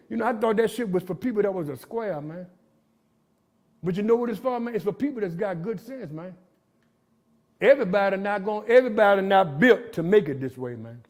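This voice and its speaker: A man's voice: high voice, a little mellow. A middle-aged man speaking at a jail gathering, telling his recovery story in street slang and ending lines with "man.". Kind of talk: motivational recovery talk.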